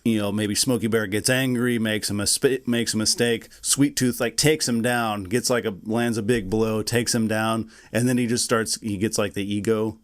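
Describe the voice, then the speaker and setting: A man co-hosting a podcast, chatting casually in a relaxed, rambling way and laughing often. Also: on the low side, normal speed, few pauses. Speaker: podcast co-host. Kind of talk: casual chat.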